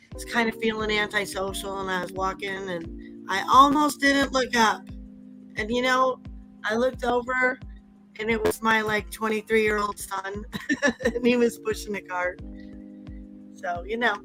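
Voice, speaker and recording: A woman's voice: medium pitch, steady tone, measured pace, pauses often, bright, forceful tone, soft background music, rough recording. A woman in her forties chatting casually, telling stories and laughing often. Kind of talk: casual chat.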